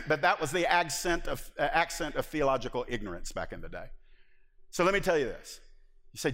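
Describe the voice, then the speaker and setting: A man's voice: medium pitch, sing-song, quick pace, a bit bright. A man from the Southern US preaching a sermon as pastor, earnest and emphatic. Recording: long hall reverb.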